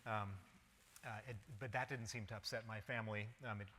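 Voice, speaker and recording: A man in his fifties with an American accent gives a public lecture, telling his life story wryly. His voice is low but bright and sharp. The sound carries a long reverb from a lecture hall. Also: steady tone, brisk, slight background noise. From United States. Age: 50s. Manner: wry storytelling with frequent ums. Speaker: guest lecturer.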